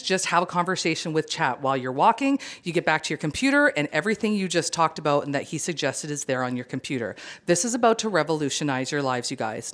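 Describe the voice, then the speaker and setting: A woman presenting at a career event, chatty and animated, joking with the audience. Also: sits low. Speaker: conference presenter. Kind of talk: lively seminar talk.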